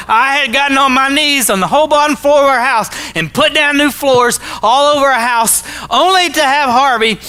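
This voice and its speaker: A man from Arkansas, giving a jokey, animated storytelling talk to a school audience. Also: extremely high pitch. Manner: animated, jokey, acts out his own quotes. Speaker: motivational speaker.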